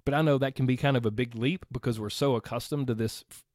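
A man's voice: medium pitch, steady tone, quick pace, a little mellow, no room sound, studio quality. A man coaching listeners through an earnest, conversational motivational talk, repeating phrases for emphasis. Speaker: health and weight-loss coach.

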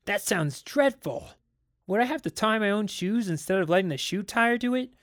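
A man voicing an anxious, stern father in a dramatic audiobook reading, his exasperation rising into sharp outbursts. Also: sits high, animated, normal speed, no echo, studio quality, voice pushed up.

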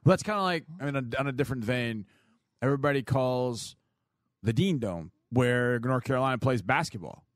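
Lively chatty sports radio host, man. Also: medium pitch, brisk, dry recording. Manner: lively, chatty, laughs easily. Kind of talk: casual sports radio chat.

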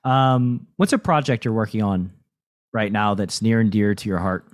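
A man with a lowish voice speaks at a normal speed while hosting a podcast interview. It's a casual chat in which he takes a reflective, coaching tone and often says "right?".

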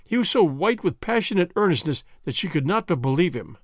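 A man reading a novel aloud as an audiobook narrator, with expressive storytelling. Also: high voice, fairly quick, no room sound, clean studio sound. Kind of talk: scripted narration.

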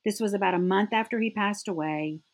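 Husky-voiced woman sharing earnest testimony. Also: mid-range voice, brisk. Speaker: guest. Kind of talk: faith-based interview conversation.

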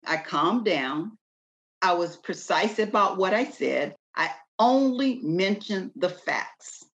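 A woman's voice: medium pitch, slow, highs cut off. A woman guest talking emphatically in a casual conversation, shifting into a preacher-like delivery and telling stories with energy. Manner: lively, animated storytelling.

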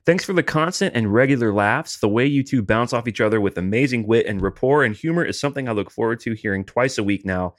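A man's voice: mid-range voice, lively intonation, quick pace, hardly any pauses, no room sound, clean studio sound. A man co-hosting a podcast in casual comedic chat, easygoing, reading listener emails aloud. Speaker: podcast co-host.

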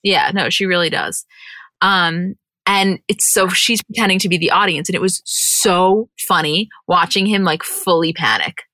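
Bright-voiced woman chatting casually. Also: fairly low pitch, normal speed, dry recording. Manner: chatty, animated, swears casually. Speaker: podcast co-host. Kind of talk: casual chat.

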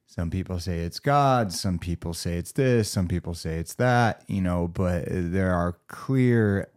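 A man with a low, deep voice hosts a casual conversation. Between short reactions, he asks reflective, open-ended questions at an easy pace. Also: unhurried, a little mellow. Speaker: interviewer. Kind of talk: casual interview.

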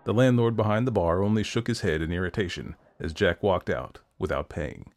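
A man narrating a folktale in a steady, expressive storytelling manner. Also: low-pitched, fairly quick.

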